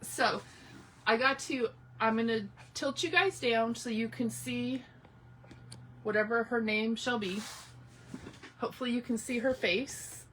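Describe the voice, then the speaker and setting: A woman's voice: a little high, fairly bright tone, distant mic, a little hiss or hum. A woman hosting a casual live craft tutorial, chatting and greeting viewers by name as she works. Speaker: craft livestream host.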